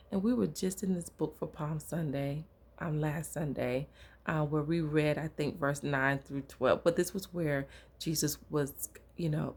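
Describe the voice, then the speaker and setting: A woman giving an informal sermon in a casual storytelling manner. Her voice is gravelly and husky and sits somewhat low. She talks conversationally, as if among friends. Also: darkish tone. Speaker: preacher.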